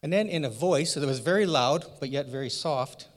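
A man's voice: fairly high pitch, moderate pace, natural voice. A man playing the elderly priest Zechariah in a first-person church skit, telling his story in an earnest, folksy, rambling way. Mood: earnest retelling. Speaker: church member in a sermon skit. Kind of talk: first-person dramatic monologue. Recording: long church hall reverb.

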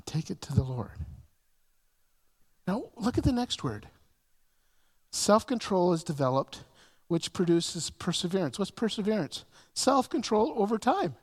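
High-voiced preacher in a reverberant hall. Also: male voice. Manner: repetitive restarts, rising to emphatic peaks then dropping soft. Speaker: pastor. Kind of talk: sermon.

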